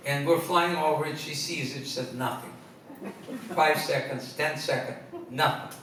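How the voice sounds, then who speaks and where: Onstage before a live audience, a man with a somewhat high voice tells humorous personal stories at a moderate pace, stumbling through restarts and laughing at his own punchlines. The recording is noisy and echoey, taken from a distant mic in a hall.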